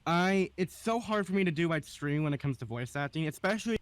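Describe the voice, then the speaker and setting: A man with a youthful, medium-high voice, hosting a casual podcast chat and talking hesitantly with many fillers. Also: lively intonation, fast talker, dry recording. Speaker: podcast host.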